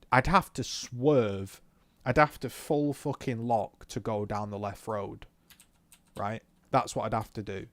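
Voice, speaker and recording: A young man telling a story in a swearing, animated rant about a driving lesson, talking from his car. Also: fairly low pitch, no echo. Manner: swears often, animated retelling. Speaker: vlogger. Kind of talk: casual ranting recount while driving.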